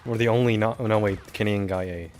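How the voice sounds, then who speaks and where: A young man streaming a game, talking casually and answering his chat in a relaxed, chatty way. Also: on the low side, fast talker. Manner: chatty, laid-back, talking back to chat between moves.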